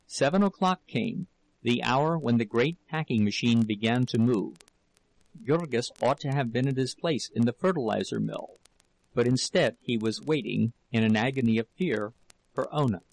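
A man reading a novel aloud as an audiobook narrator, in a steady, measured way. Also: medium pitch, gravelly, rough recording. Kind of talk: scripted narration.

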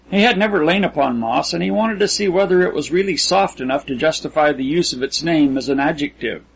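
Husky-voiced male audiobook narrator. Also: on the high side, poor audio. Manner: measured, descriptive reading. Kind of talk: scripted narration of classic fiction.

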